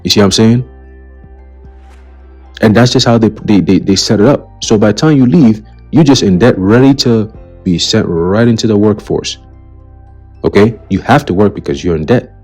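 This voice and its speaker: A man's voice: on the low side, normal speed, pauses often, a little mellow, breathy edge, soft background music. Profane, preachy male ranter. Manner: blunt, profane and heated, repeats "okay?" as a tag; preacherly, warns of coming doom. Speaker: commentary channel host. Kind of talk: ranting commentary on a list of news items.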